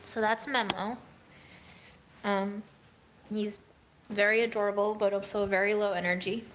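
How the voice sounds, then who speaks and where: A woman's voice: mid-range voice, measured pace. Musing woman in an echoey room. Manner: relaxed and musing, with many "um"s and some half-whispered asides. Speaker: livestream host answering viewer comments. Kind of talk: casual chat. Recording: echoey room with faint ambient noise.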